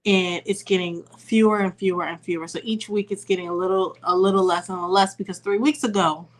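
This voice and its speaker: A woman's voice: medium pitch, fairly even intonation, brisk. A woman co-hosting a podcast for mothers. She talks in an easygoing, conversational way and shares stories from home. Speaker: podcast co-host. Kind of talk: casual chat.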